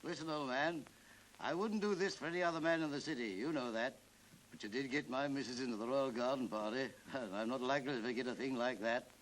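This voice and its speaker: A man's voice: mid-range voice, fairly quick, natural voice, poor audio. An actor playing a confidential, folksy man passing on a share tip in a 1930s film. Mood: confiding. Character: confiding city tipster on the phone, middle-aged. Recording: faintly hissy 1930s film soundtrack.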